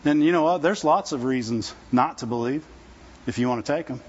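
A man's voice: medium pitch, brisk, breathy edge. A man preaching a sermon in a conversational, folksy way, often asking his listeners rhetorical questions. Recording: dull lo-fi recording.

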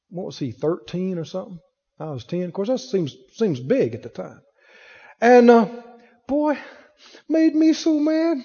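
A man's voice: high voice, mellow, husky, in a large hall, dull audio. A man preaching a sermon, telling a personal story and acting out the voices in it.

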